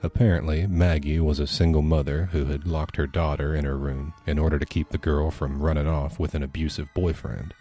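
Male horror narrator, very deep and mellow, steady measured read. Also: soft background music. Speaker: podcast storyteller. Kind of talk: scripted horror story narration.

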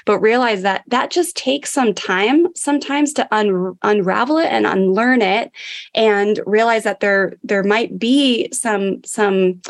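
A woman's voice: medium pitch, measured pace. A woman hosting a parenting podcast, talking casually and encouragingly as she sums up and reads out the episode's points. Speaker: podcast host.

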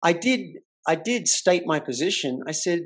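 A man hosting a podcast who talks in a relaxed, conversational way. He tells his stories with animation, and his voice jumps up when he acts out what other people said. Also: fairly high pitch, normal speed, breathy edge. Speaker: podcast host. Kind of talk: casual podcast storytelling.

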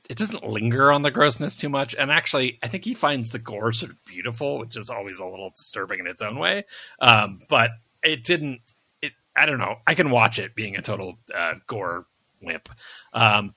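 A man's voice: fairly low pitch, pushed and bright, slightly rough, dry recording. A man co-hosting a casual review podcast, rambling with lots of ums and self-deprecating asides. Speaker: podcast co-host.

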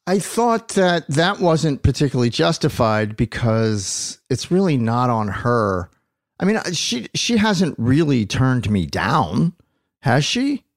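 A man co-hosting a podcast in casual chat, talking in an animated, emphatic way with frequent restarts. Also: medium pitch, slow pace, no room sound, studio quality. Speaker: podcast co-host discussing the episode.

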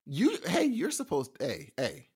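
A man's voice: on the high side, huge pitch swings, measured pace, darkish tone, breathy edge. A man co-hosting a podcast in casual banter, stubborn and giggly, often trailing off mid-sentence. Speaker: podcast co-host.

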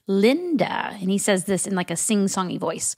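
A woman's voice: medium pitch, little pitch movement, fairly quick, vocal fry, no echo, studio quality. A woman podcast co-host in a casual recap chat, summarizing plot in a chatty way.

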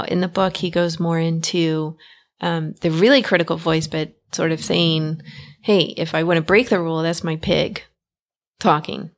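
Low, gravelly-voiced woman podcast host. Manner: direct, encouraging, conversational. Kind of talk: self-help podcast monologue.

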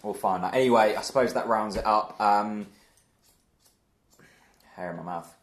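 A man chats loosely about football on a podcast, joking and laughing along with his co-hosts. His voice sits a little low. The room around him rings with echo. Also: moderate pace, background noise. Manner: chatty, jokey, laughs easily. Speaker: podcast host. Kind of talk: casual football podcast chat. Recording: echoey room.

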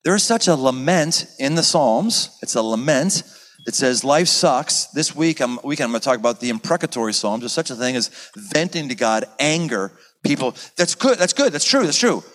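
A pastor teaching in a sermon style, animated and dramatic, acting out the scenes he describes. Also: medium pitch, moderate pace, low-quality recording.

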